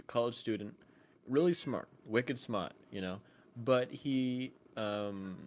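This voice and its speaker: Rambling man streamer. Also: mid-range voice. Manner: rambling, filler-heavy, bursts into loud shouts. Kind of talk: casual chat.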